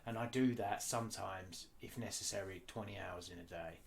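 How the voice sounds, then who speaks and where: Blunt swearing man, low voice. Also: normal speed, creaky. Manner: blunt, swears freely, animated storytelling. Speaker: guest artist. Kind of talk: candid casual interview.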